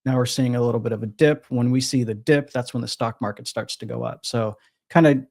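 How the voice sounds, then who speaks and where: A man in a casual podcast chat who drifts through his thoughts, often restarting and correcting himself. His voice sits in an ordinary middle pitch and is recorded dry and close. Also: steady tone, a little fast, vocal fry, darkish tone, no room sound. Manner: rambling, frequent restarts and self-corrections. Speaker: crypto trader guest.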